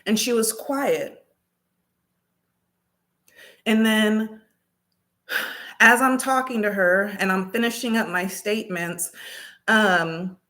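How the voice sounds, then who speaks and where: Woman, vlogger, casual storytelling, animated, acts out the dialogue. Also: medium pitch.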